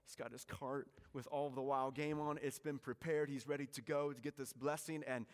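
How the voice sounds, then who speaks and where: A man preaching a sermon, telling the story with lively energy and dropping to a hushed voice at times. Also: mid-range voice, fairly quick. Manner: animated storytelling preacher, swings from loud to hushed. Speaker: pastor. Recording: reverberant hall.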